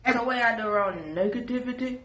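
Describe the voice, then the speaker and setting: A woman's voice: fairly high pitch, quick pace, fairly bright tone, echoey room. A woman with a Jamaican accent, scolding and preaching in a sassy live reaction rant. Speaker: social media commentator.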